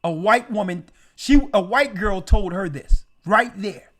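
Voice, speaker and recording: A man speaking as a church elder, telling a testimony in an animated conversational way and repeating words for emphasis. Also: sits high, unhurried.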